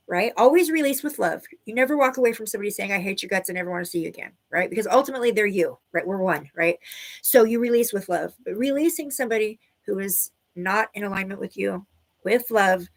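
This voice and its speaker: In a mid-range voice, a woman runs a live online tarot class, offering intuitive readings to viewers. Her talk is loose as she hunts for words, with frequent "right?" asides.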